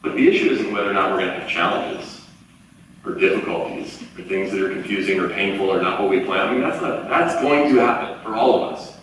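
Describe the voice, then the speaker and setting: A man in his forties giving an earnest, animated motivational talk in a university event hall. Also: low-pitched, fairly quick, a little hiss or hum. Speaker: keynote speaker. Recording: echoey hall, far from the mic.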